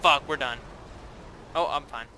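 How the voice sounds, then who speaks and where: A man giving profane, excitable live commentary while playing a shooter game. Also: mid-range voice, unhurried, noisy background. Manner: profane, excitable trash talk. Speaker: gameplay commentator.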